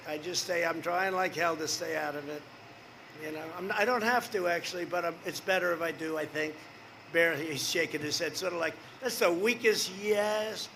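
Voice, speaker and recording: High, bright-voiced older man at a rally. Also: creaky, a little hiss or hum. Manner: boastful, rambling, repetitive, asides to the crowd. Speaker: political rally speaker. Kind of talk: rally speech. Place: outdoor rally.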